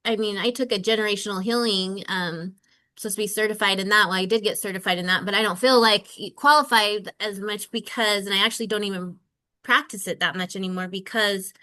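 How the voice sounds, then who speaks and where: A woman's voice: medium pitch, steady tone, fairly quick, pushed and bright, no echo. A woman guest on a podcast, talking in an upbeat, chatty way in casual conversation.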